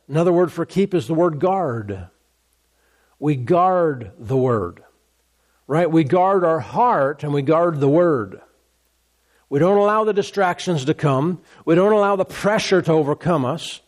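A man's voice: on the high side, darkish tone. A male pastor preaching a sermon, repeating key words for emphasis and asking rhetorical questions.

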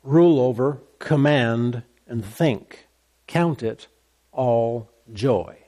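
A man preaching a sermon, emphatic and repetitive, his voice rising high when he gets excited. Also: extremely slow. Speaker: pastor.

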